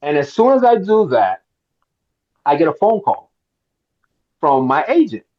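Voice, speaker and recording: A man's voice: fairly high pitch, unhurried, muffled recording. A middle-aged man from Miami, an actor telling a long anecdote at a roundtable interview and acting out the voices in it. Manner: animated storyteller, acts out quotes. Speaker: actor guest.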